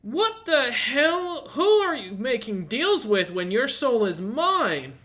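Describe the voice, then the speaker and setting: A man's voice: very high-pitched, very animated, slow pace, pushed and bright, pitched above the performer's own voice, full character voice. A man voicing an irate male tiefling devil in a butler's suit, scolding and threatening. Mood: exasperated.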